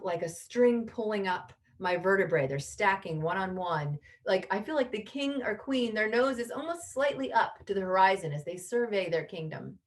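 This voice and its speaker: A middle-aged woman coaching parents over a video call, teaching lively and acting out the lines a parent might say. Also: mid-range voice. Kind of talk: online parenting workshop.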